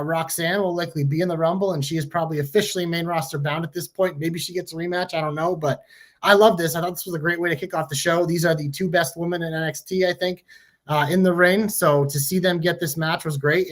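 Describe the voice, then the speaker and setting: A man co-hosting a podcast, chatting casually and excitedly about wrestling with frequent swearing. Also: fairly high pitch, fast. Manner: excited, profane, enthusiastic. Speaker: podcast co-host.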